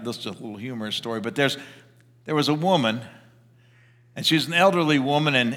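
Lively preacher guy telling stories, bright voice, lots of restarts, big church echo. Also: on the high side. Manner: animated, conversational, with frequent restarts. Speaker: pastor. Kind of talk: sermon with storytelling.

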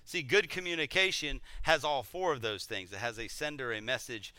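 A middle-aged man teaching a conversational sermon, animated and self-deprecating, often repeating words as he goes. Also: mid-range voice, moderate pace, smooth, no room sound.

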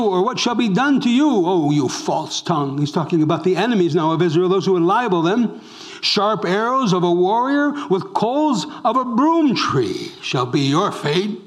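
A man preaching a sermon as pastor, asking the congregation questions and moving between loud emphasis and hushed tones. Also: sits high. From raised Roman Catholic. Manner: swings between loud exclamations and hushed near-whispers.

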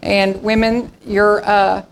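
A woman's voice: mid-range voice, flat delivery, takes it slowly, low-quality recording. A woman pastor in her sixties, preaching in a folksy storytelling way and acting out the voices in her stories. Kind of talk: sermon.

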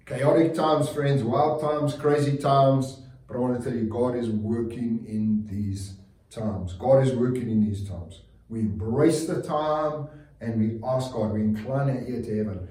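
A man's voice: medium pitch, mellow. A man preaching a sermon as a pastor, earnest and repetitive, often restarting his phrases. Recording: roomy, distant mic.

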